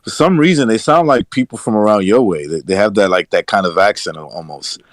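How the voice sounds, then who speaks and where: A man co-hosting a podcast, chatty and halting, often repeating words. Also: fairly low pitch, no room sound. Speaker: podcast co-host. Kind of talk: casual podcast banter.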